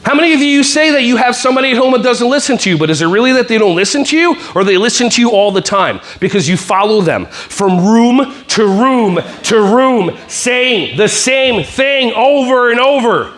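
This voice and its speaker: High-voiced playful male workshop speaker. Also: expressive, a bit bright. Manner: playful, teasing, acts out kids and teachers in quick voices. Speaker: speaker at a staff wellness workshop. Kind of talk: comedic motivational talk.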